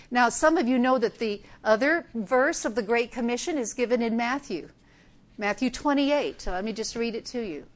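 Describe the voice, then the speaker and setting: An older woman giving a conversational sermon, acting out Bible scenes with humor. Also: a little high. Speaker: preacher.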